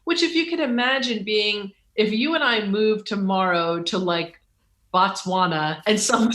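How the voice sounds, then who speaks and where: A woman's voice: medium pitch, a little slow, fairly bright tone. A middle-aged woman, an author talking as an interview guest, who acts out quoted dialogue with sudden leaps in voice and laughs as she tells stories. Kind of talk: animated interview conversation. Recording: roomy echo.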